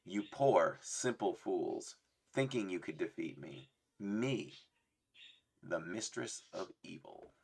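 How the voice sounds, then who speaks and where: A man's voice: sits low, expressive, slow pace, vocal fry, a little mellow, slightly rough, exaggerated voice. A man reading out the lines of a haughty evil sorceress in a mock-menacing way. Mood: gloating.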